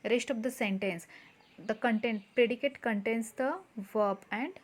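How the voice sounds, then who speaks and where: A woman's voice: fairly high pitch, unhurried. A woman teaching a grammar lesson to schoolchildren, patiently repeating points and quizzing the class.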